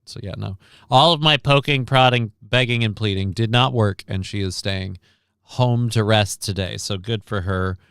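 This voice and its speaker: A man's voice: fairly low pitch, normal speed, a bit bright, smooth, no echo, clean studio sound. A tired man hosting a casual livestream, rambling and reading the chat aloud as he goes. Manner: rambling, self-interrupting, reads chat aloud. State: tired, short of breath. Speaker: livestream host.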